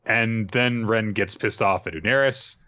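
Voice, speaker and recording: A man recaps a story casually, rambling and dropping jokey asides. His voice is low and bright, and the recording has a dull, lo-fi sound. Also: unhurried. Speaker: podcast host recapping an anime.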